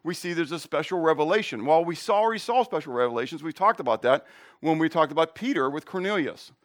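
A man's voice: on the high side, lively intonation, fast talker. A middle-aged male pastor preaching a conversational sermon, asking the congregation questions and telling jokes and personal stories.

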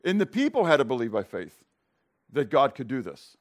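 Animated man teaching a Bible class. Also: mid-range voice, moderate pace. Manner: animated, tags "okay?" and "right?" to check the class; asks the class questions and acts out scenes.

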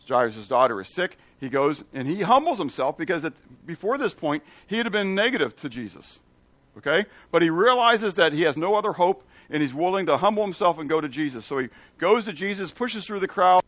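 Guy teaching bible stuff, lively, kinda high voice, dry close sound. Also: no room sound. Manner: animated, asks the listeners questions, acts out quoted lines.

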